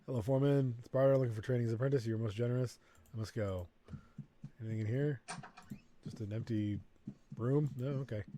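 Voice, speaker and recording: A man's voice: mid-range voice, fairly even intonation, brisk, pauses often, mellow, a little hiss or hum. A man hosting a let's play, thinking aloud and reading game text in casual commentary.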